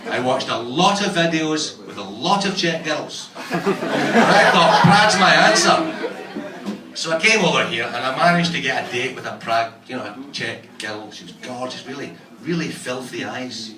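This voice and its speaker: Crude, punchy Scottish comedian. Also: male voice, mid-range voice, expressive, moderate pace, very noisy. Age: 40s. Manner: crude, punchy, teasing the crowd. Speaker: stand-up comedian. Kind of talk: stand-up comedy set. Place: comedy club stage in a bar. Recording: echoey room from far off, crowd. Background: audience laughter.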